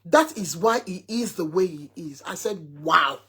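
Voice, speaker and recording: Husky-voiced woman, mother telling a story to her followers with emphasis, quoting her son. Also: fairly low pitch, animated, moderate pace. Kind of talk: casual talk to followers.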